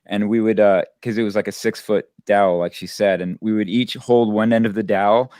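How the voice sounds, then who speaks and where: A man actor guesting in an interview over a video call, relaxed and halting with lots of fillers. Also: fairly low pitch, no echo, studio quality. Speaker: theatre company actor.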